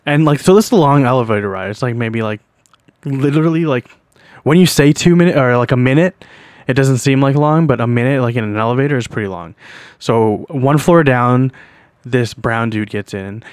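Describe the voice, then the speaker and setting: A man's voice: mid-range voice, normal speed, dry recording. Young male podcast host, casual storyteller, crude and rambling, dry close sound. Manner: rambling, profane, laughs while telling.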